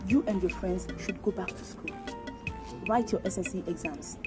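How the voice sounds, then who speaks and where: A woman's voice: on the low side, moderate pace, natural voice. An actress with a Nigerian accent playing an exasperated young woman who scolds her lying boyfriend. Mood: firm. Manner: scolding, dismissive. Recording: film audio with background music.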